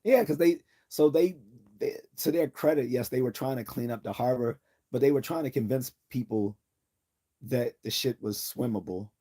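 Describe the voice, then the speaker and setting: Dude on a livestream ranting, warm dark voice, cussing and cracking himself up. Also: male voice, medium pitch, normal speed. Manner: rambling and profane, laughing often at his own jokes. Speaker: livestream host. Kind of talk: casual livestream rant.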